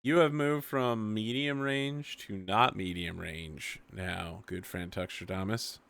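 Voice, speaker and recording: A man acting as game master, explaining the rules in a relaxed way and laughing easily. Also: on the low side, slow pace, gravelly, no echo. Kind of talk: running a tabletop game.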